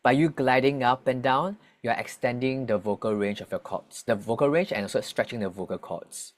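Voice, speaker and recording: A man's voice: medium pitch, fairly quick. A man working as a voice coach from Singapore, patiently explaining vocal exercises in an interview, restarting his phrases often.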